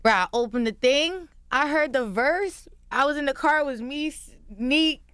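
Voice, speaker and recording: A woman's voice: high voice, moderate pace, no room sound. A young woman telling a story as a guest on a radio show, in casual chat and acting out what others said. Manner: animated storytelling, acting out quotes. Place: radio studio. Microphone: studio microphone.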